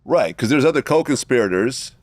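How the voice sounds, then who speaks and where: A man's voice: medium pitch, lively intonation, fairly quick, dry recording. A man hosting an interview who sums up the case and asks short questions. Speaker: interview host.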